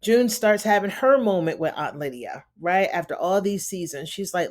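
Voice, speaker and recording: A woman's voice: lowish voice, animated, moderate pace, hardly any pauses. Chatty woman recapping a TV episode. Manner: chatty storytelling, acting out the characters' lines; loose, conversational with frequent "you know" and "honey". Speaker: TV recap host.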